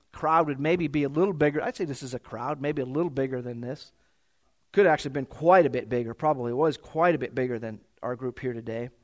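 A man preaches to his congregation, speaking in a voice a little higher than most men's. He talks in a loose, conversational way, backing up and rephrasing as he goes. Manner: conversational, self-correcting, with many restarts. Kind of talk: sermon. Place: church.

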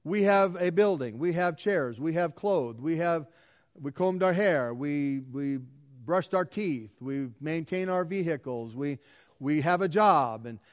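A middle-aged man delivers a sermon from the pulpit. His voice sits a little high for a man. He stacks up repeated phrases and leans into them for emphasis. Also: animated, a little slow. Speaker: pastor.

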